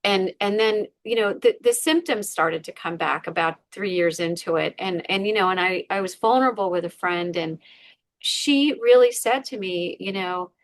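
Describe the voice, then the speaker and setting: A woman's voice: medium pitch, moderate pace, no echo. A woman, a podcast guest, candidly retelling a painful personal story with many fillers. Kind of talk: emotional personal story in an interview.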